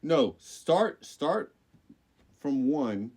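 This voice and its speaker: A man's voice: fairly high pitch, sing-song, drawn-out words, darkish tone, husky. A man co-hosting a podcast, reading news items and riffing on them, loose and profane. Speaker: podcast co-host.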